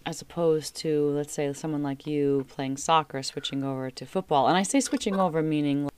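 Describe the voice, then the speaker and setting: A woman in her forties hosting a casual family podcast, asking teasing, drawn-out questions. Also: sits low, fairly even intonation, a little mellow, a little hiss or hum. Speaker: podcast host and mother.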